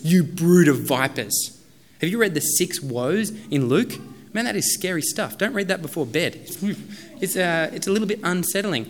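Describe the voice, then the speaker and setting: A man's voice: fairly high pitch, fairly bright tone. A man in his thirties preaching a sermon as a pastor, in a casual, conversational way with many fillers.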